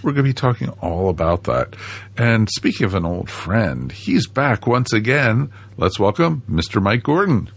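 Deep gravelly podcast host. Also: male voice, big pitch swings, moderate pace. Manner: jokey, playful sales patter. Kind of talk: casual podcast chat.

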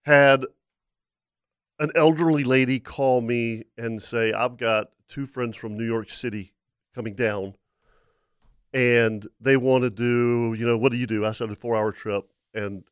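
Animated charter captain telling stories. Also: male voice, mid-range voice, measured pace, smooth, no echo, studio quality. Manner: animated storyteller who laughs as he talks. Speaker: charter fishing captain and co-host. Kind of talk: casual storytelling on a talk show.

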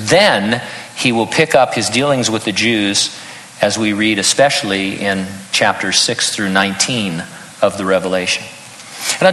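A man's voice: medium pitch, bright, forceful tone, long reverb tail, low-quality recording. An older man preaching a sermon in an earnest tone, breaking into humorous personal stories. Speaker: pastor.

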